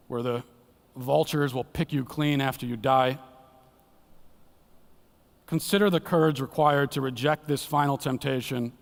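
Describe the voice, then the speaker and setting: A man giving an earnest, dramatic sermon as a guest speaker in a church, dropping to a hushed low voice for emphasis. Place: church sanctuary. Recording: long church hall reverb.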